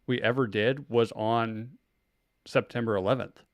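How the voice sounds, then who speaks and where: A man's voice: medium pitch, steady tone, measured pace, no echo. A man in his thirties hosting a podcast from home, talking in a loose, rambling way, restarting his sentences and swearing casually. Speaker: podcast host. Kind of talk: casual chat. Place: home room.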